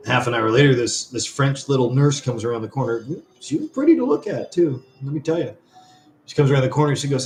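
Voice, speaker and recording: A man's voice: medium pitch, fairly quick, a little mellow. A man hosting a live stream, rambling through a story and swearing freely in casual chat. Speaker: livestream host. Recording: roomy echo, faint music behind.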